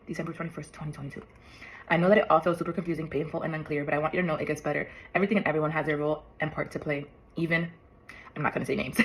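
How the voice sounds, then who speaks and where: A woman's voice: low-pitched, fairly bright tone, rough recording. A young woman in her twenties vlogging as she reads an old letter to herself aloud, emotional, swearing and laughing in disbelief.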